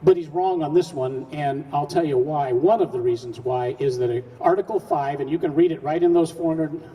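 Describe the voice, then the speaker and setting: A man with a fairly high, mellow voice gives a folksy, earnest speech to a live audience, posing rhetorical questions and restarting his sentences. He sounds distant from the microphone, and a long reverb trails his words through a large hall. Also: a little fast. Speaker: speaker at a public event.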